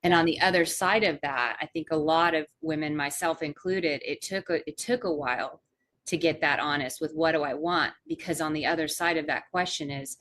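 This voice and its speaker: A woman's voice: deep voice, moderate pace, a bit bright. A woman coach hosting a podcast, talking in a reflective, earnest way. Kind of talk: casual podcast conversation.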